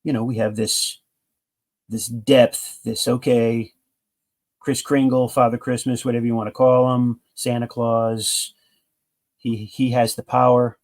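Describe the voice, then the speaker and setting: Man, gravelly voice, mid pitch, casual comic book review, enthusiastic rambling retelling, lots of restarts. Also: level tone, unhurried, darkish tone.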